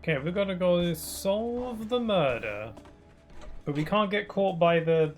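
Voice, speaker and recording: A man streaming a game, chatting casually with many fillers and restarts. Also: on the high side. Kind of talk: casual gameplay commentary.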